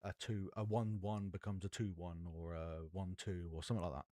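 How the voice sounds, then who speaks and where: Streaming from home, a low-voiced man muses aloud in an easy, rambling way while reading card text and working out its meaning. His level, fairly quick speech sounds dry and close on an XLR mic, with no room sound, in a casual live-stream chat.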